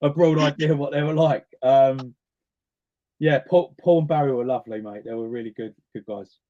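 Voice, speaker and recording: A man's voice: mid-range voice, normal speed, mellow, dull audio. A man, talking casually as a guest in an interview and acting out the voices of the people in his stories. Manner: chatty storyteller, acts out quoted voices. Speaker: guest singer.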